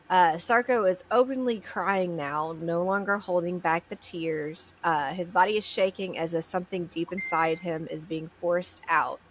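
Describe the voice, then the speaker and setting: Woman co-host, kinda low voice, blunt and swears a bit, dull lo-fi audio. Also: moderate pace, hardly any pauses. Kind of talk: casual podcast chat, retelling a court case.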